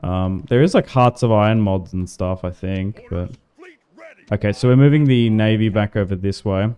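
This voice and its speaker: Speaking at normal speed in a smooth, low, dark-toned voice, this easygoing Tasmanian man streams games and comments casually as he plays. His talk is rambling and chatty, peppered with "like," as he greets viewers and responds to chat.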